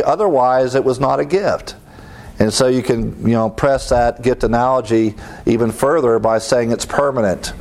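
A man's voice: medium pitch, darkish tone. Earnest middle-aged male preacher. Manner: earnest, emphatic, repeats key phrases. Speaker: preacher teaching a class. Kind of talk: sermon-style teaching.

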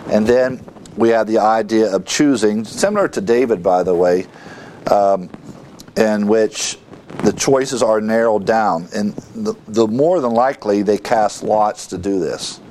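A man teaching a verse-by-verse Bible lesson, reading scripture aloud and explaining it with halting asides and fillers. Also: on the low side, a little mellow, slight background noise.

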